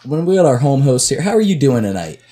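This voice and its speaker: A man's voice: mid-range voice, sing-song, fast, a crowd in the background. A man hosting a casual podcast, joking with friends, laughing often and restarting his sentences. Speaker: podcast host.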